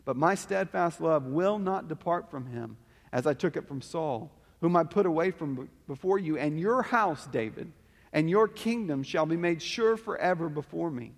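A man's voice: fairly high pitch, animated, moderate pace, vocal fry. A man preaching a sermon in what sounds like a large church sanctuary, his voice sitting a little above the usual male range. He teaches earnestly and reads long scripture passages with rising emphasis, and a long reverb trails each phrase. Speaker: pastor.

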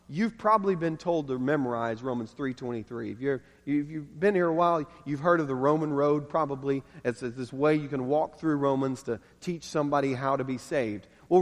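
A man preaches to his congregation, leaning hard on repeated phrases to drive each point home. His voice sits a little higher than most men's. The church sanctuary around him rings with a long, lingering reverb. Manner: emphatic, repeating key phrases for stress. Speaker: pastor. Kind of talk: sermon.

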